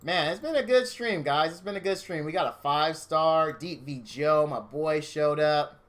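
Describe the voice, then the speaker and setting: A man's voice: fairly high pitch, moderate pace. A man streaming from his home game room, chatting casually with viewers in a gushing, openly emotional, rambling way.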